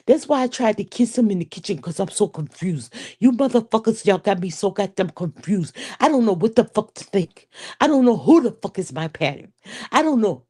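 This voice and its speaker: A woman's voice: mid-range voice, dark tone. A woman playing an angry, confused teenage daughter who rants at her mother in a profane, accusing way, as an improvised comic scene. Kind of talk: improvised comedic scene acting.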